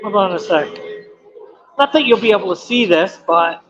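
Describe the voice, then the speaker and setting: A chatty man in his fifties with a high-pitched voice. He talks loosely and laughs a lot. The recording sounds dull and lo-fi. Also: animated, normal speed, background noise. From Canada. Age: 50s. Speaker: streamer. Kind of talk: casual live-stream chat. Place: indoor bus station waiting area.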